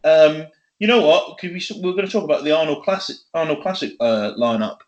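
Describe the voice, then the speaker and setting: Sweary excitable bloke. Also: male voice, on the high side, quick pace, dull audio. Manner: sweary, excitable, laughs often. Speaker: podcast co-host. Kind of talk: casual chat.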